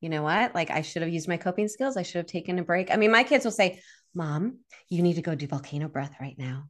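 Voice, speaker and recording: A woman's voice: lowish voice, quick pace. A woman therapist and coach talking candidly as a podcast guest, acting out quoted moments from family life. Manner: candid, expressive, acts out little quoted scenes. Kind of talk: casual interview talk.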